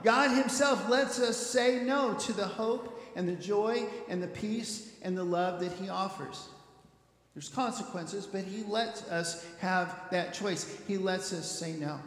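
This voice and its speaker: High-voiced preacher in a roomy hall. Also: male voice, unhurried. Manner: earnest, building to loud emphatic peaks. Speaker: pastor. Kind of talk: sermon.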